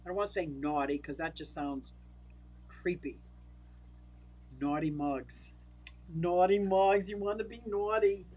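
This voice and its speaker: A woman's voice: low voice, a little slow, long pauses, a little mellow, a little hiss or hum, poor audio. Older lady chatting on her livestream, laughs a lot, talks to viewers by name. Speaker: livestream host. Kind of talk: casual livestream chat reading comments.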